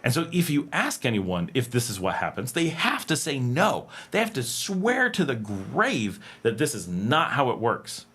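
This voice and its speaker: A man's voice: mid-range voice, normal speed, few pauses, slightly rough. An American man hosting a livestream, chatting casually and reading viewer comments with fillers and frequent laughs. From North America. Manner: rambling, animated, laughs often, many fillers. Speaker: livestream host. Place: home in Nicaragua.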